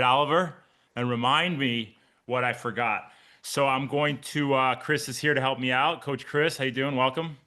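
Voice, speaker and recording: A man's voice: medium pitch, pushed and bright. A man in his forties, a triathlon coach hosting a live pre-race briefing over a video call, chatty and joking with his listeners. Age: 40s.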